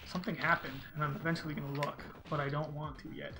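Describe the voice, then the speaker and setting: A man's voice: fairly high pitch, flat delivery, quick pace, hardly any pauses, pushed and bright, faint music behind, poor audio. A man streaming a video game and chatting casually, rambling and reading viewers' messages aloud. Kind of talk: casual gameplay commentary.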